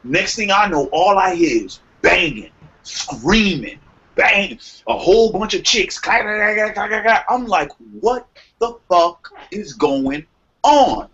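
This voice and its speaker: Animated profane young man telling a story. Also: sits high, unhurried, breathy edge. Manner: animated, profane, acts out quotes. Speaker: podcast co-host. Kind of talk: casual storytelling chat. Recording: muffled lo-fi sound with faint noise.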